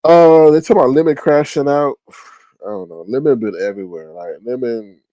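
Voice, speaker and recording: A man's voice: medium pitch, normal speed, dark tone, dry recording. Sleepy rambling man on a livestream. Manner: rambling, trails off and restarts often. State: sleepy, yawning. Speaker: livestream host. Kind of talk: casual live-chat commentary.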